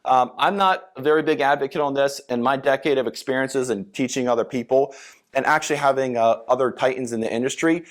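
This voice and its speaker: Male sales coach giving a seminar, loose conversational delivery, average pitch. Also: a little fast. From Philadelphia. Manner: casual, conversational, fillers, acts out sales lines. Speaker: sales trainer. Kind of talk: seminar lecture.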